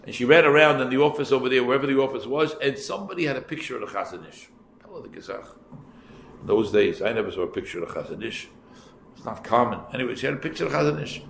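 Rabbi, male, mid-pitched, creaky voice; unhurried storyteller, echoey room. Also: animated, a bit bright. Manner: unhurried, repeats phrases, asides to listeners. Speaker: rabbi teaching a class. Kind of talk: storytelling Torah lesson. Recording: echoey room, faint background noise.

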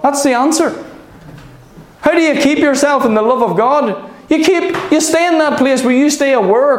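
Man, preacher, high voice, animated sermon, echoey room. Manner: animated, asks "Amen?" often.

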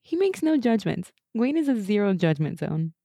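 A young woman co-hosting a casual TV recap chat, animated and laughing as she acts out lines from the show. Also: medium pitch, moderate pace, no room sound, studio quality. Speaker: podcast co-host.

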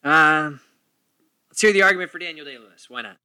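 Brief: playful male podcast moderator, very bright sharp tone, dry close sound. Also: on the high side, a little fast, clean tone, no room sound. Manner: playful, theatrical announcing. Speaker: podcast host moderating a debate. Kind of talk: casual moderating chat.

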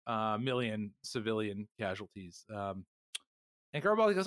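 Co-host type, young guy, lively swooping delivery, slips into jokey character voices, dry close-mic sound. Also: lowish voice, moderate pace, no room sound. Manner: animated, acts out characters mockingly while retelling. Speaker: podcast co-host. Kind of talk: casual podcast recap chat.

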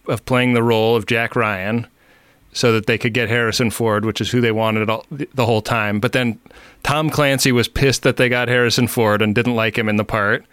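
A man's voice: mid-range voice, a bit bright, clean tone, no echo. A man hosting a podcast, talking in a wry, self-deprecating way. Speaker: podcast host. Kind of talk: casual podcast chat.

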